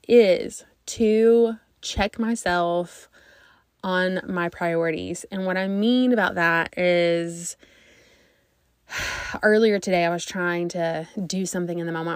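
A woman's voice: on the low side, no echo, studio quality. A woman in her thirties, a mom vlogger chatting casually to her viewers, rambling and thinking aloud.

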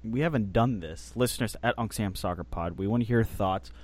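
A man's voice: fairly low pitch, fairly quick, a little mellow. A man hosting a casual soccer podcast, playful and teasing with his co-hosts. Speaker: podcast host. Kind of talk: casual chat.

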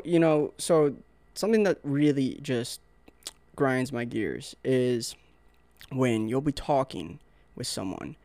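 A young man hosts his own podcast, rambling through profane stories and acting out what people said. His voice has a gravelly edge. It sounds dry and close, with no room in it. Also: mid-range voice, darkish tone, no room sound. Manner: rambling, profane storytelling with acted-out quotes. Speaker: podcast host. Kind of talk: casual solo podcast monologue.

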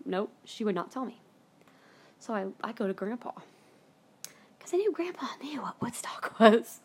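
A woman's voice: a little high, lively intonation, moderate pace, pauses often. Blunt, chatty woman telling a story. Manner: chatty and blunt, swears freely; rambling, with many fillers and self-corrections. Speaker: podcast host. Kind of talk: casual storytelling monologue.

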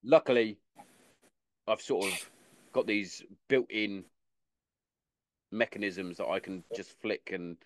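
A man's voice: lowish voice, takes it slowly, long pauses. A man hosting a casual podcast interview, talking loosely and repeating words as he goes. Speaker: podcast host.

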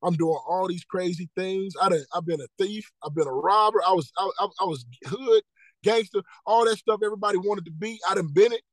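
Man, 30s, high voice, earnest testimony with acted-out quotes, dry close sound. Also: fairly quick, no echo, rough recording. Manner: earnest storytelling, repeats key phrases, acts out dialogue. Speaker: podcast guest, motivational speaker. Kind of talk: personal testimony in casual interview.

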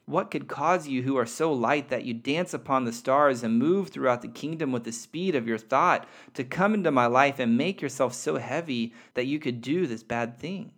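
A man's voice: mid-range voice, moderate pace, hardly any pauses, a bit bright. A man reading the part of a small, innocent soul spirit full of eager wondering questions.

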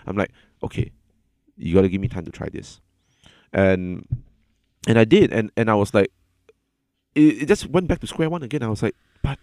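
A man with a fairly low voice talks openly and earnestly in a casual conversation. He stumbles and repeats words as he works through what he wants to say. The sound is dry, with almost no room echo. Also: a little mellow. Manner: earnest, halting, repeats words when upset. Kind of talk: casual candid chat.

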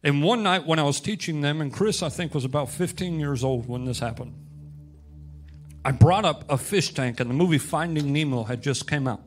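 A man preaching a sermon as pastor, storytelling and rising to loud, emphatic peaks, with soft music behind. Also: a little high, moderate pace.

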